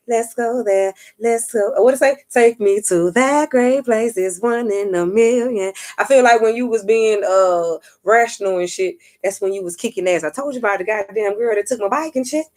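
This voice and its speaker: A woman vlogger and spiritual reader telling a story in a casual monologue, cursing freely, acting out what others said and checking in with her viewers. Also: medium pitch. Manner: profane, street-talking, keeps asking "you get what I'm saying"; animated, acts out what others said.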